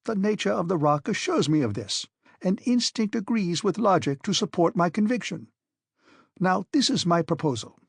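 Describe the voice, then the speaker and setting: A man voicing a stern, obstinate old professor explorer in an audiobook, speaking forcefully and commandingly. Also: high voice, animated, moderate pace, gravelly, husky, no echo, studio quality, pitched above the performer's own voice, heavily acted. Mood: persuasive. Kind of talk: audiobook character reading.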